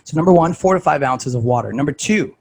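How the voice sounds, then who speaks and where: Husky-voiced man, chatty fitness coach. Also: a little high, animated, fast talker, low-quality recording. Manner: conversational, frequent "like" and "right?". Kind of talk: casual coaching talk.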